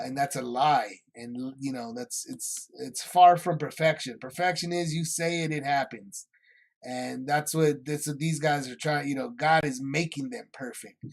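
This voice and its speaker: A man teaching a casual Bible study, rambling, restarting his sentences and acting out the scenes. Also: fairly high pitch.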